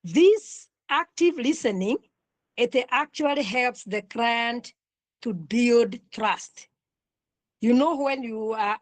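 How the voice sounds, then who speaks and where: A woman's voice: a little high, no room sound. Woman lecturer, raised voice, dry close sound, repeats her points. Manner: deliberate, repeats points, asks the class questions. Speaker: counselling lecturer. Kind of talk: online class lecture.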